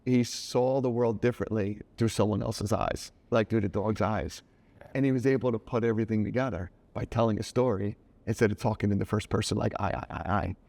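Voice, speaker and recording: Animated storytelling man, middle-aged. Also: lowish voice, fairly quick, gravelly. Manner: animated, acts out quoted voices. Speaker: guest, children's book author. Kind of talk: casual storytelling interview.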